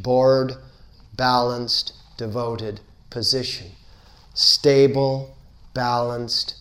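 A man giving a spiritual lecture, unhurried and playful, repeating words in rhythmic build-ups. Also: medium pitch, a bit bright. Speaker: spiritual teacher.

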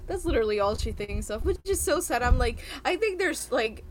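A woman co-hosting a casual podcast chat, ranting in an animated way, swearing freely and laughing often. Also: a little high, a little fast, slight background noise. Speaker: podcast co-host.

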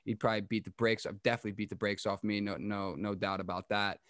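A man's voice: fairly low pitch, little pitch movement, fairly bright tone, no echo. Chatty young man, dry close sound. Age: young adult. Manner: rambling, chatty, quick asides. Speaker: podcast host giving a sports update. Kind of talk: casual sports chat to camera.

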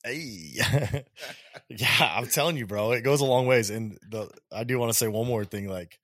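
A man's voice: medium pitch, normal speed, no room sound, studio quality. A man in his thirties co-hosting a casual podcast chat in a laid-back way. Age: 30s. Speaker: podcast co-host.

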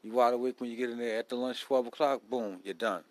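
A man's voice: medium pitch, steady tone, fast, poor audio. A man hosting a casual solo podcast, talking bluntly in a profane, rambling street style. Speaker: podcast host.

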